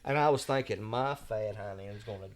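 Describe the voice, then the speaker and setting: A man's voice: fairly low pitch, normal speed. A man telling a travel story on a podcast in a folksy, drawling way, acting out the voices he quotes. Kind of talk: casual storytelling.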